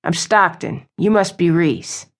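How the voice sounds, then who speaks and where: A friendly, stocky young ranch hand with an easy manner, as a woman narrating an audiobook voices him. He sounds relaxed and polite. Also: lowish voice, unhurried.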